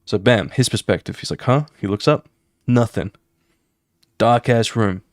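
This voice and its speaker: A man who streams his drawing, casually walking viewers through his comic pages with animated, fast talk, swearing and sound effects. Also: fairly low pitch, no echo, clean studio sound.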